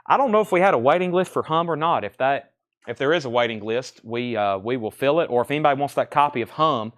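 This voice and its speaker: A man hosting a live-streamed record sale, calling out titles and prices in a brisk, running patter, thinking aloud as he checks each record. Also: mid-range voice, lively intonation, a bit bright.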